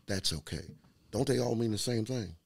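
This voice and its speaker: A man in casual chat, telling lively stories, acting out the quotes and laughing often. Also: on the low side, normal speed, gravelly. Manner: animated storyteller, acts out quotes, laughs often. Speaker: podcast guest telling stories.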